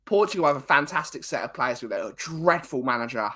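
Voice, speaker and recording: A man's voice: mid-range voice, animated, fairly quick, bright, forceful tone. A man from England co-hosting a casual football chat, blunt and teasing in his banter. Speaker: co-host.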